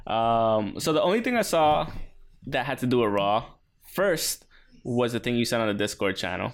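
An animated man talking casually with a lively, swinging pitch. He swears freely and jumps into loud, high impressions of other people while telling stories. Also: moderate pace, smooth. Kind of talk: casual chat.

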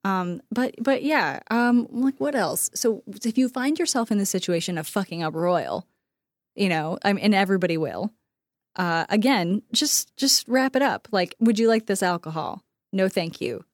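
An American woman co-hosting a casual podcast chat, animated and quick to act out quoted dialogue in different voices, laughing often. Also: medium pitch, no room sound, studio quality. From United States. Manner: laughs often, filler-heavy. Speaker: podcast co-host.

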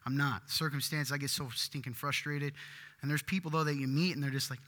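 Male pastor, fairly high bright voice, lively emphatic sermon delivery. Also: fast, in a large hall. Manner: animated, rising to loud emphatic bursts. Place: church.

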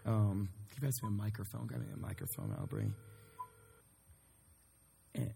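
A man's voice: on the low side, moderate pace, gravelly, long pauses, slight background noise. A man preaching as a youth pastor to his youth group, earnest and conversational, full of fillers. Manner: earnest, conversational, rising to excited calls to the crowd.

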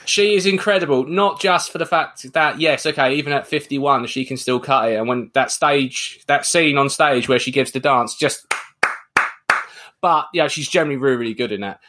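A man's voice: medium pitch, normal speed, bright, forceful tone. A man hosting a film podcast over a remote call, casual and teasing. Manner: jokey, teasing. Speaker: podcast host. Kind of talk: casual chat. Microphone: remote call recording.

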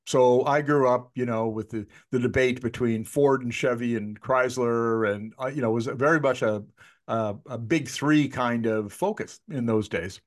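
A man's voice: medium pitch, moderate pace. A man in his sixties interviewing a guest in a chatty, anecdotal way, often restarting his sentences. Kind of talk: conversational interview.

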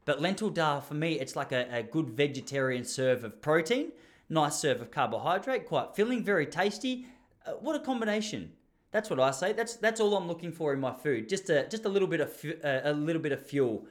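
A man's voice: fairly high pitch, lively intonation, fairly quick. A young Australian man telling a rambling story in a casual monologue, chatty with lots of restarts.

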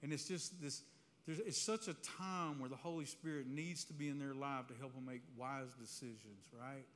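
A man preaching a testimony to a live audience in a church hall, telling his story in an animated, conversational way that keeps checking in with "right?". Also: mid-range voice, moderate pace. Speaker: speaker giving a testimony. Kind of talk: sermon-style testimony storytelling. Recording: reverberant hall, faint room noise.

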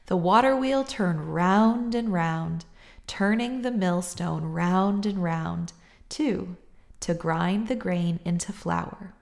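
A woman hosting a book podcast, reading a picture book aloud in a gentle, measured way and chatting. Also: on the low side, creaky. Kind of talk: storybook read-aloud and casual chat.

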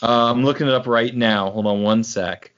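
A man's voice: medium pitch, fairly even intonation, moderate pace, a bit bright. Chatty man with a lo-fi sound. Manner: rambling, enthusiastic about movies. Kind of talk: casual chat.

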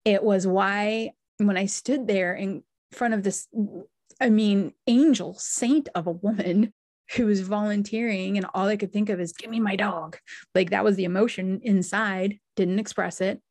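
Medium-pitched woman host, heartfelt storyteller, dry close recording. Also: steady tone, a little mellow, no room sound. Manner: emotional, heartfelt, with pauses and restarts. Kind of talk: personal storytelling.

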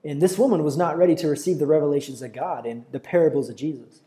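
A man's voice: fairly high pitch, quick pace, mellow. A young man preaching a sermon in an earnest, conversational way, often restarting his sentences.

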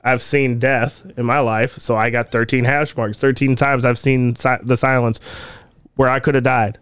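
Clear-voiced man musing earnestly. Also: mid-range voice, level tone, normal speed, fairly bright tone, dry recording. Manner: earnest, reflective, speaks in a philosophizing way with some swearing. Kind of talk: casual podcast conversation.

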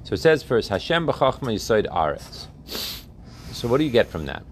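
A man's voice: mid-range voice, very animated, normal speed. Guy teaching a text class in a room w students, keeps quizzing them, bit of faint background noise. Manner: questions students often, checks they follow. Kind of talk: interactive religious text class.

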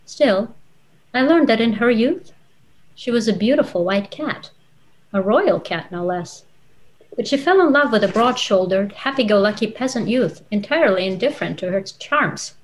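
A woman's voice: mid-range voice, expressive, slight background noise, rough recording. Thoughtful woman author. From Russia. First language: Russian. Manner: thoughtful, measured, with frequent "uh" and "um". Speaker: author and guest. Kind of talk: conversational interview and reading aloud from her novel.

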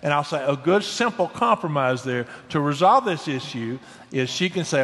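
An older man giving marriage advice in an earnest, folksy way, telling stories with lively emphasis. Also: on the high side, moderate pace, few pauses. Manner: earnest, folksy, animated storytelling. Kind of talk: conversational advice. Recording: long reverb.

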